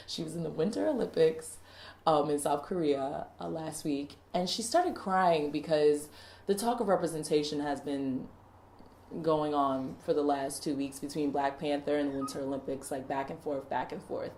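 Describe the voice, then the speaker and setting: A woman co-hosting a podcast in casual chat, talking in an animated way with lots of fillers and laughter. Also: low voice, moderate pace. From West Indies. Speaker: podcast co-host. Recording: echoey room.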